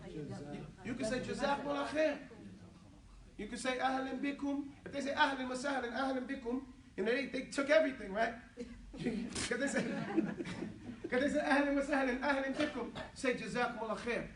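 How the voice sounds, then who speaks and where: Brief: high-pitched male teacher, joking and easygoing, in an echoey classroom heard from a distance. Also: rapid-fire, noisy background. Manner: playful, joking, switching between English and Arabic. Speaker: Arabic teacher.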